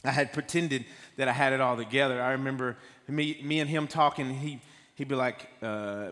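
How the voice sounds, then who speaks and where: A nervous man shares his testimony from the front of a church, his sentences halting and full of restarts. His voice sits at an ordinary middle pitch, and a long hall reverb trails behind every phrase. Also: a bit bright. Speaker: guest speaker giving a testimony. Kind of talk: personal testimony sermon. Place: church sanctuary.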